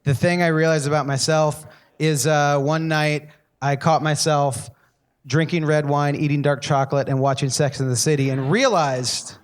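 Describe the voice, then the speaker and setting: A man with a slightly high voice co-hosts a live podcast on stage. He trades stories with the other hosts and drops in wry, joking asides. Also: fairly even intonation, normal speed, clear, resonant tone. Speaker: podcast co-host. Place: live stage in front of an audience.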